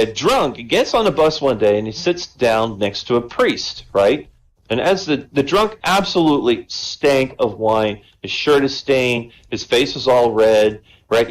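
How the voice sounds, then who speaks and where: A man's voice: medium pitch, poor audio. A man telling jokes at an online comedy show, chatty and conversational, raising his voice to act out characters. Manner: conversational, tags lines with "right?"; acts out characters with a raised voice.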